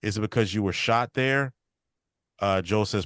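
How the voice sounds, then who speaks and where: Recapping a TV episode in a casual way, a male podcast host retells scenes and quotes the characters, nudging his voice slightly for their lines. He has a fairly low, slightly bright voice and a moderate pace, recorded in a clean studio with no room sound.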